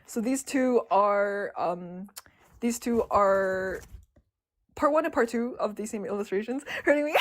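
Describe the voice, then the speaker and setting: A young woman artist chatting casually on a livestream about her drawings, excitable and giggly, laughing often. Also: mid-range voice, unhurried.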